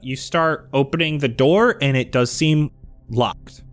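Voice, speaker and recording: A man as game master narrating scenes and reading out show promotions in a brisk, upbeat way. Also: mid-range voice, faint music behind. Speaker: game master and podcast host. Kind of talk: game narration and sponsor read-out.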